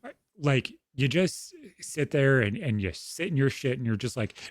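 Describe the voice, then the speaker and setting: Young man, podcast co-host, blunt and profane storyteller, dry close mic, mid pitch. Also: lively intonation, moderate pace, dry recording. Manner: frank, heavy swearing, storytelling. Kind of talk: casual podcast conversation.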